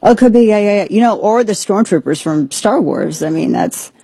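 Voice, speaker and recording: A woman's voice: mid-range voice, animated, a little fast, vocal fry, a crowd in the background. A woman hosting a talk radio show, commenting casually with an incredulous, joking manner and many restarts.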